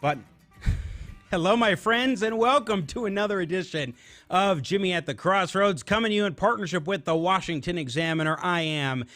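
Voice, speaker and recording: An upbeat man opening his political talk show with a quick, scripted announcer delivery. His voice sits a bit above average in pitch. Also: a bit bright, soft background music. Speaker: podcast host.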